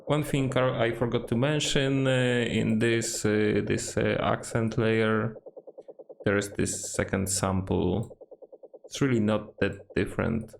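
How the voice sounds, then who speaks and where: Gravelly slow-talking man with lots of fillers. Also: on the low side, steady tone, slight background noise. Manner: hesitant, many fillers and restarts. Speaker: music producer. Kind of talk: casual tutorial walkthrough.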